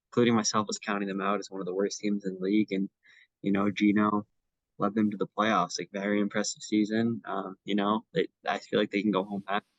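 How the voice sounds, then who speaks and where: A young man talks sports with a co-host in an easy, rambling way, full of ums and restarts. His voice sits a little low. The sound is dull and lo-fi, close and dry. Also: no echo. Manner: chatty, many fillers and restarts. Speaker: podcast co-host. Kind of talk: casual sports chat.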